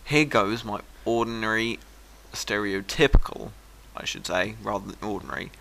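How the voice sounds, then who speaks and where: A man's voice: lowish voice, moderate pace, gravelly, a bit bright, slight background noise. A British man rambling through a recorded message he sent in as a listener, chatty and self-deprecating.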